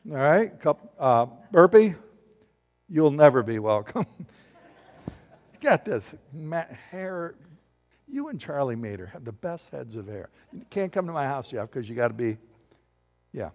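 A man preaching a sermon as pastor, animated and joking with his congregation. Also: mid-range voice, unhurried, long pauses. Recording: long hall reverb.

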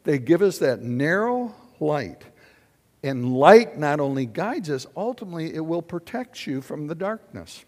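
An older man preaching a sermon in a church, animated and questioning his congregation. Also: a little high, measured pace. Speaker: pastor. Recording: long hall reverb.

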